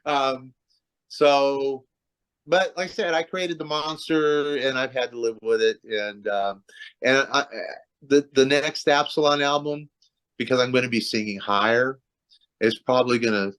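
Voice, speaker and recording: On a casual video call, a metal singer being interviewed rambles about his career, full of fillers and restarts. His voice is medium in pitch, unhurried, and fairly bright with a clean tone.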